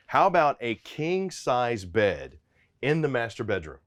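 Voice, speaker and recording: A man's voice: mid-range voice, very animated, unhurried. A man giving an upbeat walkthrough of a travel trailer, pointing out features as he goes, recorded inside the trailer. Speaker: RV salesman giving a walkthrough tour. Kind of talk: product walkthrough.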